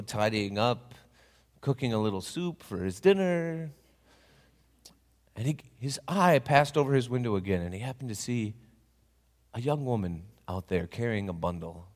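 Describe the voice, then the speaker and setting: A man with a fairly low voice preaches a sermon told as a dramatic story, tossing out lively questions and dropping into hushed asides. The church gives his words a long reverb.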